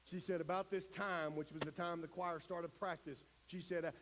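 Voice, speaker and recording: A pastor telling a story in his sermon, building from quiet retelling to impassioned preaching. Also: high voice, fairly even intonation, moderate pace, a little hiss or hum.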